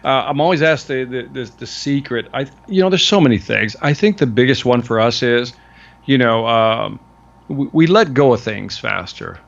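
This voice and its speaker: A male guest sales trainer chatting casually in an interview, relaxed and friendly, dropping "man" and "brother" often. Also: mid-range voice, normal speed, gravelly, dull audio.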